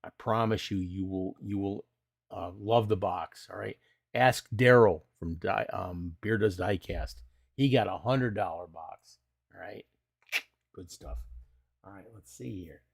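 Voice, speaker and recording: A man's voice: low-pitched, a little slow, vocal fry. A middle-aged man hosting a casual live stream, chatting in a folksy way and reading out viewer questions.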